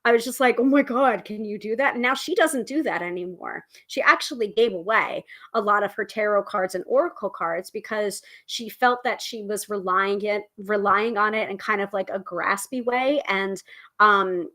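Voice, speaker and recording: Bright-voiced chatty woman host. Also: mid-range voice, normal speed. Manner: rambling, chatty, self-interrupting. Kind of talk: casual livestream chat.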